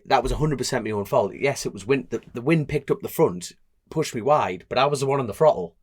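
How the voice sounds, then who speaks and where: Animated Geordie man telling stories. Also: medium pitch, fast, husky. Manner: animated storyteller, acts out voices, laughs often. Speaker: podcast co-host, road racer. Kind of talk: casual chat, storytelling.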